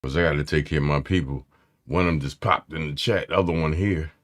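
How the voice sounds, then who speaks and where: A man's voice: a bass voice, fast. A man hosting a casual tech live stream, loose and slangy, greeting his chat by name. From Philadelphia area.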